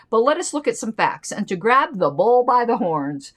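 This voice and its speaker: A woman's voice: lowish voice, animated, fairly quick, hardly any pauses. A woman hosting a political commentary channel, reading an old newsletter aloud and breaking off into chatty, playful side remarks.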